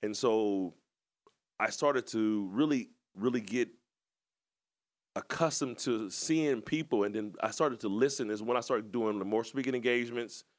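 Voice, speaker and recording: A man's voice: lowish voice, measured pace. A man co-hosting a podcast, telling his story in a casual, rambling, reflective way. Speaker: podcast co-host and coach.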